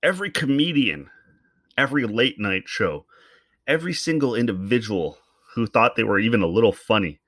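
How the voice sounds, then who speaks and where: A man's voice: lowish voice, animated, a little fast, pauses often, fairly bright tone, no echo, clean studio sound. A man from Canada ranting to camera in a loose, profane, rambling way, thinking aloud as he talks. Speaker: commentator. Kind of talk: solo comedic rant to camera.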